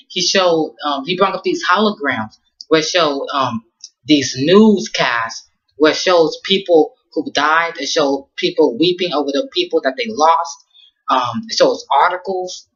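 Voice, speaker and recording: A man's voice: a little high, lively intonation, a little slow, sharp tone, highs cut off. A man casually recapping an anime episode in slangy talk, rambling with lots of ums and restarts. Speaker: anime reviewer.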